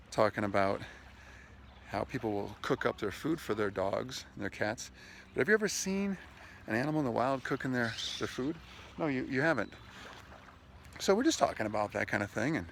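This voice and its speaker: Gravelly-voiced man vlogging by the water. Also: lowish voice, fairly bright tone, slight background noise. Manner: chatty, enthusiastic, talks to his dog mid-video. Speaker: vlogger giving sales tips. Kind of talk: casual outdoor vlog monologue. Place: outdoors by a lakeshore with lapping waves.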